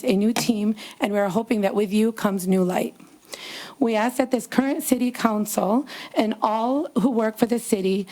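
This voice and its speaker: A woman reads a prepared statement to a city council in a measured, formal way. Her voice is mellow and rather dark. Her pitch sits in the middle of the usual range. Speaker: public commenter, nonprofit co-founder. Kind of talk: prepared public comment read aloud.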